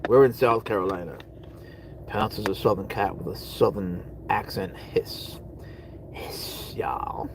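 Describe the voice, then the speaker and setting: With a lowish voice and moderate pace, a man chats casually with his livestream viewers from a parked car, rambling over their comments and drifting into mutters. There's a noisy background.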